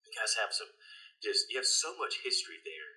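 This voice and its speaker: A man's voice: medium pitch, wildly swooping pitch, moderate pace, pushed and bright, low-quality recording. A middle-aged American man chatting casually as an interview guest, friendly and a little hesitant, often restarting his phrases. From United States. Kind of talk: casual conversation.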